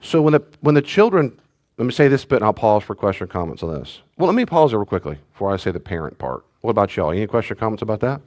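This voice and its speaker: A man, a pastor teaching a church study class in a relaxed, conversational way with joking asides to the group. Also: fairly low pitch, fast.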